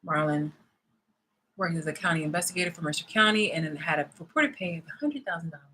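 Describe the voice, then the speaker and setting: A woman's voice: on the low side, quick pace, pushed and bright, a little hiss or hum, poor audio. A woman vlogger ranting angrily and sarcastically, swearing hard and breaking into bursts of laughter. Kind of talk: heated vlog rant.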